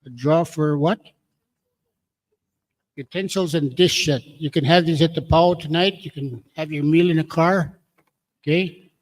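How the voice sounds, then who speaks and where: A man emceeing a community meeting, calling out draw numbers slowly with jokes. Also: on the high side. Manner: jokey, drawn-out number calling.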